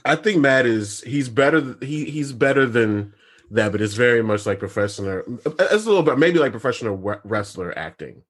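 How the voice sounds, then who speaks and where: A man's voice: mid-range voice, lively intonation, brisk. A man in casual chat giving dry, joking commentary. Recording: loud background noise.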